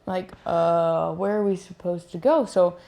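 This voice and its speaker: A woman's voice: measured pace, creaky. A young woman, a pro beach volleyball player, casually telling a travel story with lots of fillers and acted-out quotes. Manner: animated, acts out quotes in higher voice; many fillers, "like" and "I'm like".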